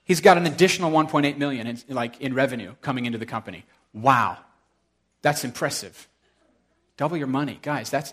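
A man's voice: fairly high pitch, fairly bright tone. A middle-aged male pastor preaching a sermon in a casual, storytelling way, with frequent asides to the congregation.

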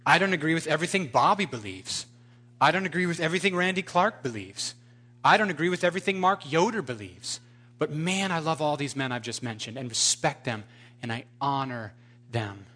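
A male pastor delivering a sermon, animated and emphatic as he tells a story and drives his point home. His voice is bright and forceful, sitting on the higher side for a man. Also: a little fast.

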